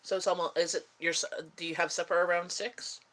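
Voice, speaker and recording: A middle-aged woman, tired and yawning as she hosts a relaxed, rambling live-stream chat with her viewers. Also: on the low side, a little hiss or hum. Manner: rambling, relaxed, chatty with pauses. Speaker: livestream host chatting with viewers.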